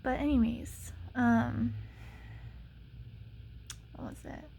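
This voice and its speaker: A young adult woman vlogging, telling a frustrating story in a sarcastic, exasperated way with many "like" fillers and sometimes dropping to a soft whisper. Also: fairly high pitch, steady tone, extremely slow, gravelly, a little hiss or hum. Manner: drops to soft whispers at times. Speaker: ASMR channel vlogger. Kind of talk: casual storytelling rant.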